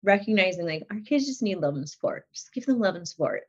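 A woman's voice: medium pitch, lively intonation, fast, a little mellow, husky. A middle-aged woman in casual podcast chat, talking about her kids with many fillers and frequent laughs. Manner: chatty, laughs often, lots of fillers. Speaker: guest. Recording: dull lo-fi audio.

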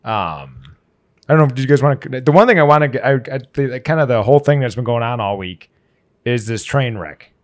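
Guy hosting a podcast, talks real fast, lots of restarts, chill chat. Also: mid-range voice, expressive. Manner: quick, chatty, trailing restarts. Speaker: podcast host. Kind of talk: casual group chat.

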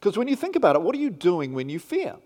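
A male pastor delivering a sermon in a very high voice. His pitch rises and falls with lively animation as he drives each point home with rhetorical questions. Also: fast. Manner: emphatic, rhetorical questions to the congregation.

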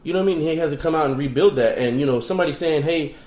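A man's voice: on the high side, rapid-fire, a little mellow. A man in casual conversation who speaks bluntly and profanely. His voice carries a roomy echo. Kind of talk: casual chat.

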